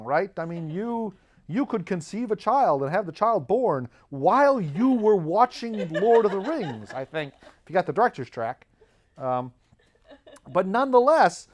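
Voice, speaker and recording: A man telling rambling, jokey stories in a casual monologue, often cutting himself off mid-sentence. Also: a little high. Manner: rambling, self-interrupting, jokey. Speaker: show host.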